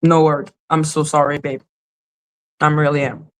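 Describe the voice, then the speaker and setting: Lower-voiced woman hosting a casual livestream. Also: level tone, a little slow. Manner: emotional, swears freely, softly apologetic. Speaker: livestream host reading chat.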